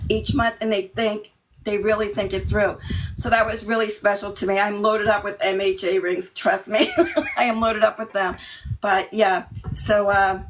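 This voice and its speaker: A middle-aged woman from Massachusetts speaks over a video call, nervous and a little emotional. She fills her pauses with ums and small laughs. There is a faint hiss of noise behind her. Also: mid-range voice, rough recording. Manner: nervous, emotional, many fillers. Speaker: team member.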